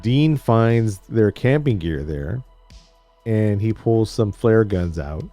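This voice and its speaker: A man co-hosts a podcast, recapping a TV episode in casual, rambling chat, joking and acting out scenes as he tells the story. His voice is on the low side, mellow and slow with lively intonation, with no room sound and faint music in the background.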